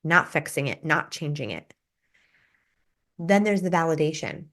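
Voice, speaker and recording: A woman's voice: lowish voice, lively intonation, normal speed, pauses often. A woman life coach and podcast host who teaches in a casual, earnest way, with lots of "like" and "right?". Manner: earnest and conversational, full of "like" and "right?".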